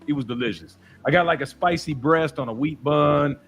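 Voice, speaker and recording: A man's voice: fairly high pitch, normal speed, a bit bright, a little hiss or hum. An American man hosting a livestream, chatting casually and rambling through stories with lots of fillers. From United States. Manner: laid-back, rambling storytelling with many fillers. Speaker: livestream host. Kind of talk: casual chat.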